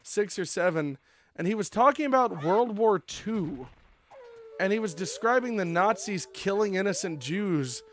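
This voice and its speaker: A man's voice: high voice, a little slow. A man streaming a video game, chatting and telling rambling stories. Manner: rambling, animated storytelling with fillers. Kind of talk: casual gameplay chat.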